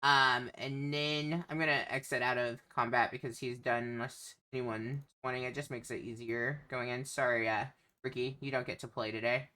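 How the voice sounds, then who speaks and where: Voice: mid-range voice, fairly even intonation, moderate pace, pushed and bright. A game master narrating a tabletop game, hesitant and full of filler sounds.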